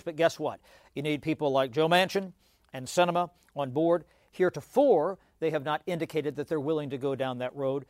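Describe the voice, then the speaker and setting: A man explaining politics as a guest analyst, talking quickly with stammered restarts and many "you know" fillers. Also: fairly high pitch, no room sound, clean studio sound.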